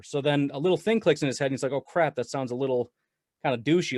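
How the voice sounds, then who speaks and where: A man talking sports as a guest on a casual podcast, animated and rambling with frequent laughs. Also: a little high, fast, no room sound, studio quality. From Wisconsin. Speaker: guest Packers commentator.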